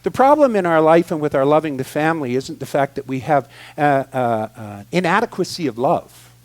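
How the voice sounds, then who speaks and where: Man, high voice, guest speaker, humorous storytelling, animated, loud then hushed. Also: brisk. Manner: animated, expressive, swings from loud excitement to quiet asides.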